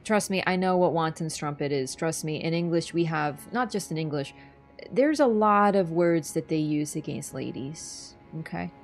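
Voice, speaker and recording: A woman's voice: low voice, normal speed, faint music behind. A young woman streaming a video game, chatty and casual, swearing and laughing as she talks. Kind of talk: gaming stream commentary.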